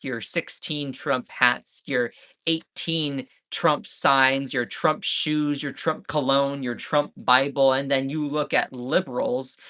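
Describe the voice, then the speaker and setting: A man's voice: medium pitch, pushed and bright. A man from the States, ranting sarcastically in live-stream commentary. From Southern United States. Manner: sarcastic, mocking.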